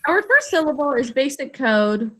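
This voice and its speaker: A woman's voice: high voice, very animated, moderate pace, noisy background. A woman teaching an online literacy lesson over a video call, carefully sounding out words and encouraging her students.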